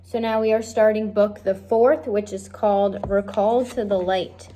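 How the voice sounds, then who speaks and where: A woman reading a children's novel aloud, speaking directly and warmly to her listeners. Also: mid-range voice, fairly even intonation, a little slow. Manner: friendly, direct address to listeners. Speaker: reader of a children's book. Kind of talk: read-aloud storytelling.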